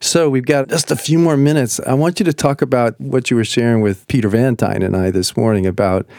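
A man's voice: mid-range voice, steady tone, fairly quick, a little mellow, no room sound, studio quality. A man hosting a casual talk, earnest and encouraging, often affirming his guest. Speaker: host. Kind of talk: casual talk show chat.

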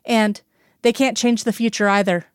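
A woman voices a composed female FBI agent who stays even and quietly certain under pressure. The recording is close and dry, with no room sound. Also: a little high, normal speed, smooth, dry recording, lightly acted. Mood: controlled.

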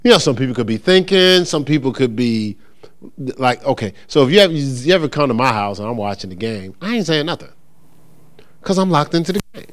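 A middle-aged man teaching a church congregation in a relaxed, conversational way, acting out the voices of churchgoers and checking in with his listeners. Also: mid-range voice, a little fast. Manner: animated, acts out voices of churchgoers and callers; conversational with frequent check-ins. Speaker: pastor teaching. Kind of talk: informal church teaching talk.

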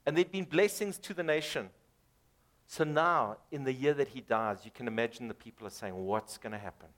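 A man's voice: medium pitch, a little fast, fairly bright tone. A man preaching a sermon, emphatic, rising and dropping dramatically and repeating words for emphasis. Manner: emphatic, rises and drops dramatically.

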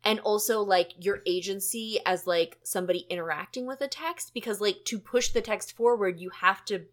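A woman's voice: medium pitch, moderate pace. Chatty woman podcast host. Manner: animated, chatty, many filler likes. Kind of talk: casual chat.

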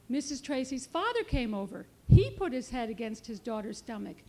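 A woman children's author reading her picture book aloud in a clear, expressive storybook manner. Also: fairly high pitch, normal speed, hardly any pauses.

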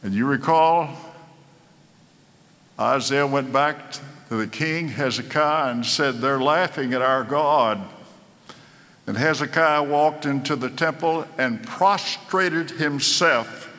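A man preaching a sermon, slow and dramatic, building to emphatic peaks. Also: medium pitch, sharp tone. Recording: echoey hall.

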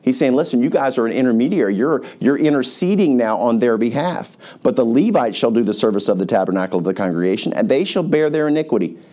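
A pastor preaching a sermon to his congregation, who tells the story in a lively, casual way and acts out the characters' voices. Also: medium pitch, fast talker, hardly any pauses. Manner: animated, colloquial storytelling with acted-out voices.

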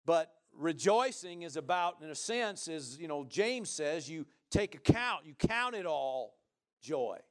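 A middle-aged male pastor preaching a sermon, moving from quiet talk into shouted praise. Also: on the high side.

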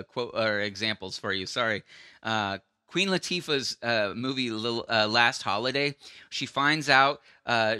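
A man delivers an earnest, conversational sermon, stumbling into restarts as he reaches for his point. His voice is strikingly bright and edged, and the recording is dry and close with no room sound. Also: mid-range voice, dry recording. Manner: earnest, acts out quoted voices, frequent restarts. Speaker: preacher.

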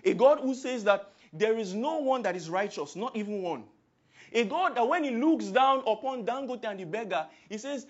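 A man with a Nigerian accent preaching a sermon, swinging from hushed, quiet passages to loud, emphatic outbursts. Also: very high voice, expressive, moderate pace, dull audio.

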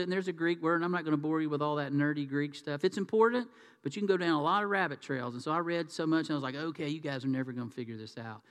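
A man preaching a sermon in a conversational, folksy way. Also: on the high side. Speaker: pastor. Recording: reverberant hall.

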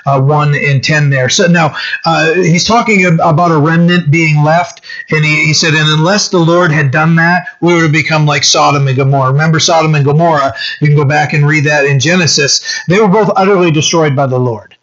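A male pastor giving a conversational sermon, often checking in with "right?" and pausing on fillers. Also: a little high, fairly even intonation, fairly bright tone. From French-descended local community. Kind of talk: sermon teaching. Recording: dull lo-fi sound.

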